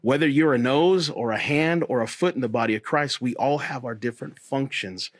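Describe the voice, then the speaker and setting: A man, a pastor and host, talking earnestly and encouragingly about faith in a relaxed conversation. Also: mid-range voice, brisk, no echo. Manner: earnest, encouraging, repeats phrases.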